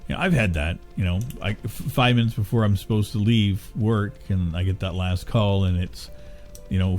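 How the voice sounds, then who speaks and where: A man's voice: on the low side, a little mellow. A middle-aged man chatting casually while streaming a game, rambling and cursing as he grumbles. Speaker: gaming streamer. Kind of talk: casual chat while gaming.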